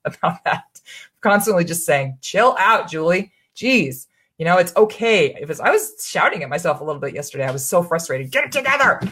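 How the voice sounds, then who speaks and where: A woman's voice: lowish voice, a bit bright. A woman coaching her audience in a live webinar, talking in an earnest, chatty and encouraging way, often restarting her sentences. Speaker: online business coach.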